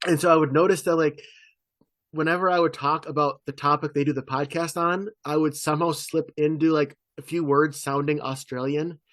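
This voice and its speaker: Guy cohosting a podcast, rambly and chatty, voice a bit high, dry close sound. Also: fairly even intonation, fairly bright tone, dry recording. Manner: rambling, quick asides. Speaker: podcast co-host. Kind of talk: casual chat.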